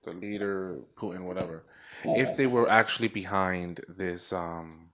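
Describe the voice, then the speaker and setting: Low-pitched man, rambly podcast co-host, hedges a lot. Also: measured pace, sharp tone. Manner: rambling, hedging with "you know". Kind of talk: casual political chat.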